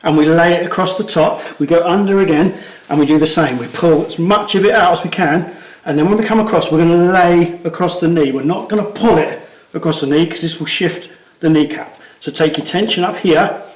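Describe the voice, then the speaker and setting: A man with a fairly high voice walks through a demonstration step by step, his phrases often trailing off softly. He sounds slightly out of breath from the physical work. The room around him is noticeably echoey. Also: fairly quick. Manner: instructive, step-by-step, trails off quietly at phrase ends. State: out of breath from pulling. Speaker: strength coach. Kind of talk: hands-on demonstration.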